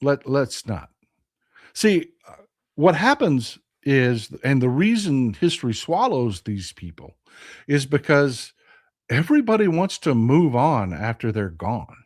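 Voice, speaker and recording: A man's voice: medium pitch, very animated, unhurried, darkish tone. A man with a Texan accent hosting a political commentary vlog, speaking in an impassioned, blunt and profane way and repeating phrases for emphasis. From Texas. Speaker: host.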